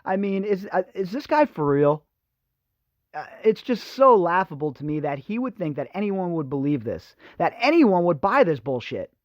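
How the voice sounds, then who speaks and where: Sarcastic man with a lively voice. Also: high-pitched, moderate pace, no echo, muffled recording. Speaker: podcast host. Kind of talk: opinionated news commentary.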